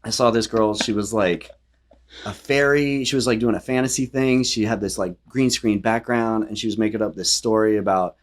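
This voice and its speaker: A man's voice: fairly low pitch, steady tone, moderate pace, slight background noise. A middle-aged man chatting casually as a guest in a hotel room, easygoing and laughing often. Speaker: guest actor. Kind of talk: casual chat.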